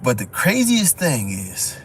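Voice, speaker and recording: Dude just shooting the breeze on a live stream, cussing and laughing, little bit of hiss behind him. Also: male voice, mid-range voice, wildly swooping pitch, slow. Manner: loose, profane, laughs often, lots of "you know what I'm saying". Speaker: dog show judge and breeder telling stories. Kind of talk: casual live-stream storytelling.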